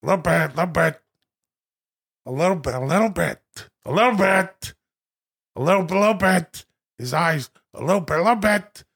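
A man putting on a gruff older movie star's voice, mumbling and repeating one short phrase again and again. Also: high voice, expressive, normal speed, long pauses, a bit bright, exaggerated voice. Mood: insistent. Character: gruff older male film star impression.

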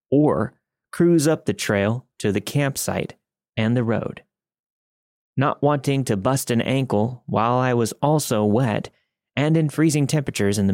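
A man's voice: lowish voice, a little mellow, dry recording, clean studio sound. A man narrating a first-person story in a wry, conversational way.

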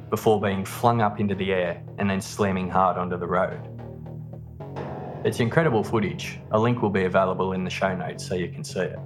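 A man hosting a podcast, telling a true-crime story in a steady, measured scripted narration. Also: deep voice. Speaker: podcast host. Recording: narration over background music. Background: music.

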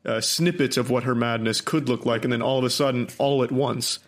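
A man's voice: medium pitch, fairly even intonation, brisk. A man in mid-range voice on a group podcast, talking emphatically. He swears freely and piles on strong opinions. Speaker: podcast co-host. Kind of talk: casual group podcast chat.

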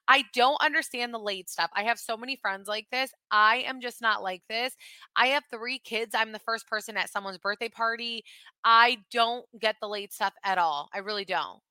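Bright, chatty woman co-hosting a podcast. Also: a little high, normal speed, dry recording. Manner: animated, acts out her own reactions. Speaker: podcast co-host. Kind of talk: casual chat.

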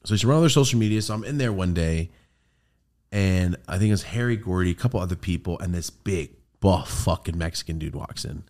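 A man hosting a podcast, telling a rambling, profane story in casual chat and getting animated as it builds. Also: low-pitched, quick pace. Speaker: podcast host.

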